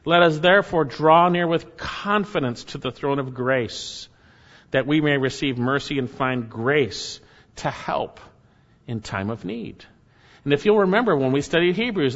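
A man preaching a sermon as pastor, repeating key phrases and swinging from loud emphatic peaks down to quiet, low lines. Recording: dull sound with long hall reverb.

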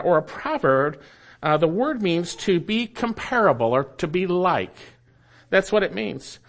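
A man's voice: fairly high pitch, a bit bright. Man preaching an emphatic sermon. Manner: teaching, emphatic, asks the congregation questions. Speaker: pastor.

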